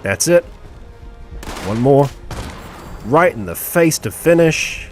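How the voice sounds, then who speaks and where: A man's voice: mid-range voice, lively intonation, slow, faint music behind. A man streaming a game live, commentating and cheering on his companion.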